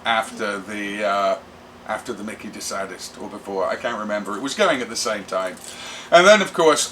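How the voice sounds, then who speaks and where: A middle-aged man, a rock musician telling stories in a brash, animated interview. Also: medium pitch, a little hiss or hum. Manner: brash, animated, does voices for quoted people. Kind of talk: casual storytelling interview.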